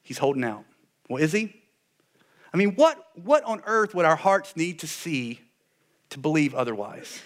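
A male pastor preaches with a slightly higher than average voice. He moves between wry, sarcastic asides and hushed, solemn passages. His delivery is animated and conversational. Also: a little slow, pauses often. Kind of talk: sermon.

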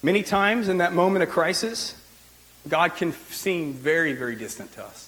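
High-pitched male pastor, casual sermon delivery, relaxed conversational preaching. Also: moderate pace, poor audio. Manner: conversational preaching with frequent "like" and restarts.

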